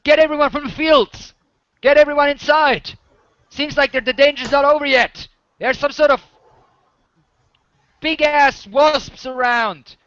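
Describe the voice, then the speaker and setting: A man's voice: very high voice, fairly even intonation, very fast, hardly any pauses, echoey room, muffled recording, voice pushed up. A man doing a bellowing blond militiaman. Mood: shouting alarm. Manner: shouting orders across a village. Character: burly blond male militiaman, loud and commanding.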